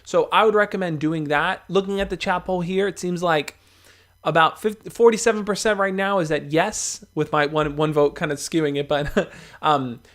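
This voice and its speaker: A man's voice: fairly high pitch, steady tone, moderate pace, fairly bright tone. A young man hosting a livestream, giving casual, encouraging advice straight to his viewers, with fillers and restarts.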